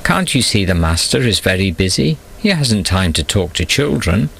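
A man's voice: low-pitched, big pitch swings, moderate pace, creaky, a bit bright, slightly rough, heavily acted. A man reading stern, scolding disciples. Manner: stern, impatient.

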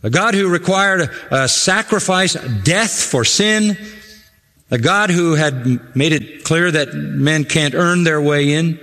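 A man preaching an expository sermon, emphatic and repeating phrases for stress, slowing and speeding as he drives points home. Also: a little high, bright, forceful tone. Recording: hall reverb.

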